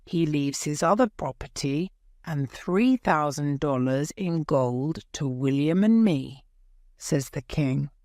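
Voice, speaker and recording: A woman narrates a graded reader at a very slow, deliberate pace, in a somewhat low voice. The recording is dry and close, with no room sound. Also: a little mellow, no echo. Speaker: audiobook narrator. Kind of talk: slow scripted storybook narration for learners.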